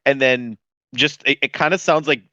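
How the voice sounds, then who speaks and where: A man's voice: mid-range voice, moderate pace, pushed and bright, dry recording. A man co-hosting a podcast in casual chat, eagerly chiming in and agreeing with the others. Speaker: podcast co-host. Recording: dull lo-fi mic sound.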